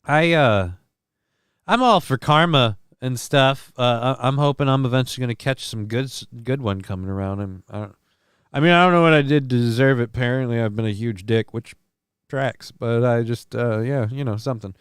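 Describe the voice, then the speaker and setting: A man hosting a comedic news livestream, rambling and sarcastic, his speech peppered with swearing. His voice sits in a middle register and sounds smooth and resonant. It is recorded close and dry on a home mic. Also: mid-range voice, normal speed, no echo. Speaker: host. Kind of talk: casual comedic news commentary stream.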